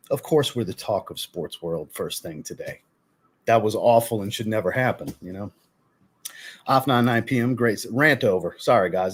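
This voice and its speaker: Greeting viewers by name on his fragrance livestream, this man chats casually through their comments before launching into a blunt, profane rant and then apologizing. His voice is lowish with a breathy edge.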